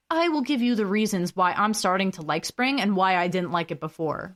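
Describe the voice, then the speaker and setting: A woman's voice: medium pitch, moderate pace, few pauses. A young woman hosting a solo podcast, chatting casually, reading recipes aloud and apologizing often with self-deprecating asides. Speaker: podcast host.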